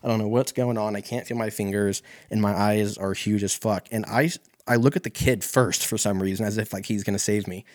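Podcast host, male, lowish voice, loose profane storyteller who restarts sentences. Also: fairly even intonation, a little fast, hardly any pauses, darkish tone. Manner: rambling, heavy swearing, self-correcting. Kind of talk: casual storytelling monologue.

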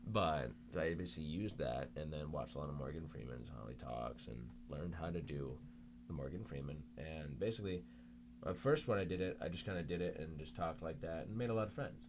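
A man's voice: rumbling low, fairly quick, noisy background. A young man chatting casually as a podcast guest, rambling with lots of filler words and restarts.

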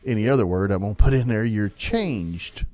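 A man's voice: moderate pace, no echo. A man co-hosting a casual podcast, teasing his partner in a playful way. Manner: playful, teasing, animated pitch swings. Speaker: podcast co-host.

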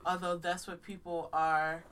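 A woman's voice: on the low side, little pitch movement, unhurried, fairly bright tone, distant mic, a little hiss or hum. A congested woman co-hosting a podcast, giving her opinions in a frank, emphatic, casual chat. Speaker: podcast co-host.

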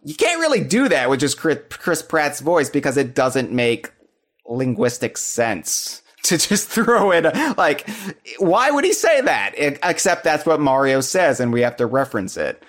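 Male co-host, casual and animated, lively pitch swings. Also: a little slow. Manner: animated, mimics voices in jest. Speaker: podcast co-host. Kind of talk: casual chat.

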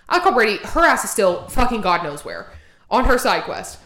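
A young woman co-hosting a podcast, telling a wild party story in profane, animated casual chat and acting out quotes. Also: on the high side, quick pace. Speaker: podcast co-host.

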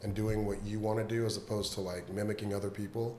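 Low-voiced man, easygoing comic. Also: level tone, fast, mellow, roomy sound, a little hiss or hum. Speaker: stand-up comedian. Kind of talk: casual chat.

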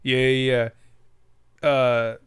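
A man's voice: medium pitch, level tone, extremely slow, clear, resonant tone. A man hosting a podcast in casual chat, tired and laid-back, laughing easily. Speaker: podcast host.

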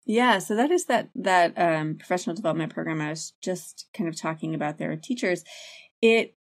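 A woman in her thirties, an early childhood educator, speaking candidly as an interview guest and telling lively stories with many "like" fillers. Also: lowish voice, a little fast. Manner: candid, animated storyteller who uses many "like" fillers. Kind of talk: casual interview talk.

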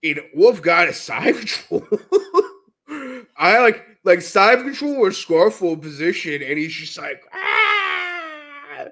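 Bright, laughing podcast guest man. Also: fairly high pitch, measured pace. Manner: animated storyteller, laughs often while telling. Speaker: podcast guest, jiu-jitsu brown belt. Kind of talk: casual interview chat.

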